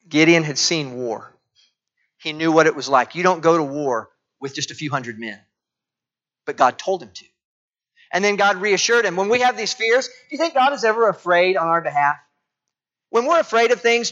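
A middle-aged man preaching a sermon, dropping to quiet tones and rising again as he acts out voices from the text. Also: high-pitched. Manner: dramatic shifts from quiet to loud, acting out quoted voices. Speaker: pastor. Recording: dull lo-fi sound.

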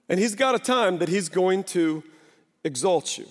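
A man in his thirties preaching a sermon as a pastor, animated, often acting out the voices of people and of God. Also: high voice, moderate pace. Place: church sanctuary. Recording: long hall reverb in a church.

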